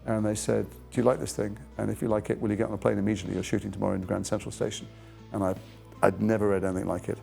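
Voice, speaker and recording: Man, middle-aged, gravelly, lowish voice, reflective anecdotes, self-deprecating, faint music behind. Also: flat delivery, very fast, mellow. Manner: thoughtful, trailing restarts, self-deprecating. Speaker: actor interviewed about his career.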